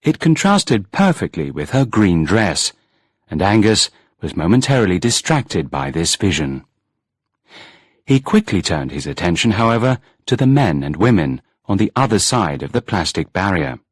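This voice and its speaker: A man reads a storybook aloud in a measured, expressive way. His voice sits fairly low and has a husky, breathy grain, and his pitch moves a lot. The sound is close and dry, with no room. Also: no room sound. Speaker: audiobook narrator. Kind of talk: scripted storybook narration.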